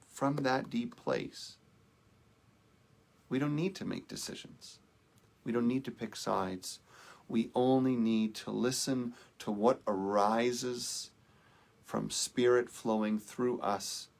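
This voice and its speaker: A man giving a sermon as minister, speaking in a slow, measured, contemplative way with soft trailing phrases. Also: lowish voice, creaky.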